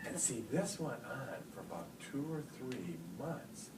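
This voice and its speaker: A middle-aged man giving a live talk to teachers and parents, telling stories in an animated way and getting loud for punch lines. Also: medium pitch, measured pace. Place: large hall with audience. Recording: echoey hall, distant mic, noisy.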